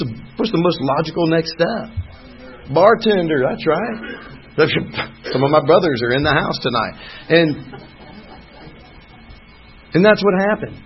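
Man, middle-aged, folksy storytelling, wry asides, slightly high voice. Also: lo-fi sound, a little hiss or hum. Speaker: speaker sharing his story at a recovery meeting. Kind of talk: personal testimony talk. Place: meeting hall, speaking from a podium.

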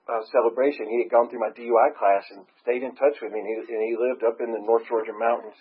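A man's voice: medium pitch, little pitch movement, a little fast, husky. A man telling a personal story in a chatty, rambling way, often breaking into laughter. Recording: muffled lo-fi recording.

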